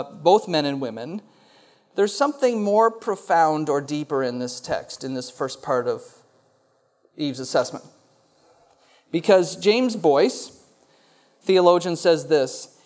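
A man's voice: on the high side, takes it slowly, pauses often. A male pastor preaching a sermon to a congregation and putting questions to them. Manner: animated, asks the congregation questions. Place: church hall before a congregation.

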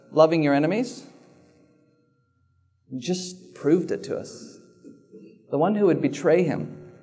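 High-voiced man preaching slowly. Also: darkish tone. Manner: slow, deliberate preaching with dramatic pauses and repetition. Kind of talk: sermon.

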